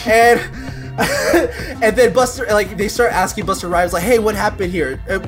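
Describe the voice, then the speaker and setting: A woman's voice: medium pitch, normal speed, over music. A woman co-hosting a podcast, retelling a movie plot in a rambling way, acting out the lines and laughing often. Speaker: podcast co-host. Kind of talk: casual movie recap chat.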